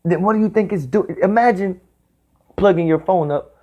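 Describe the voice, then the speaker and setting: A man giving a spiritual talk in the style of a sermon. He speaks emphatically and repeats his phrases, sometimes drawing them out slowly. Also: high-pitched, warm tone. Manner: repetitive, emphatic, drawn-out phrasing. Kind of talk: preaching monologue.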